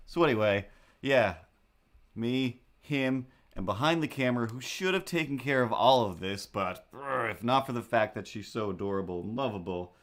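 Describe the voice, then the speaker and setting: A man's voice: mid-range voice, expressive, normal speed, a bit bright. A young man hosting a livestream, chatting casually in a rambling, jokey, self-deprecating way while he sets up. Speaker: livestream host. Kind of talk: casual chat while setting up a drawing stream.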